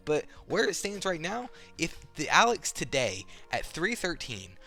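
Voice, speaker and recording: A young man delivers a casual, rambling fight rant full of swearing and strong opinions. His voice is bright and edgy, and faint music sits behind it. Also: fairly high pitch, wildly swooping pitch, a little slow, gravelly. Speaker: MMA commentator.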